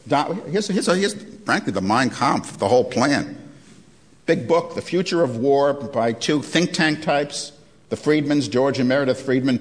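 A man's voice: mid-range voice, fairly bright tone. American male lecturer, sardonic and indignant, slide talk, reverberant hall. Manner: indignant, sardonic, with restarts and wry laughs. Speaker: lecturer giving a slide presentation.

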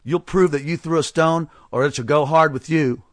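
A man's voice: fairly low pitch, big pitch swings, brisk, a bit bright, no room sound, full character voice. A man voicing a big, blustering village blacksmith who raises his voice to accuse and threaten in a storybook reading. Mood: accusing.

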